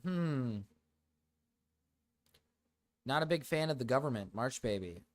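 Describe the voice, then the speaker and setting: A man's voice: medium pitch, animated, takes it slowly. A man hosting a livestream, chatting casually and reading chat questions, rambling and self-deprecating. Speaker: streamer host.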